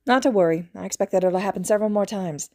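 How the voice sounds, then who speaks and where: A woman voicing a calm, authoritative female trauma doctor who gives brisk clinical orders and reassures patients. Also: medium pitch, dry recording, studio quality, natural voice. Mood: instructive.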